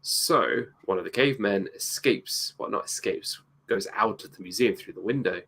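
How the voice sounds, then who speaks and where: A man co-hosting a movie review show, chatting casually about a film with hesitant pauses and dry asides. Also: on the low side, a bit bright, husky. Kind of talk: casual chat, movie commentary.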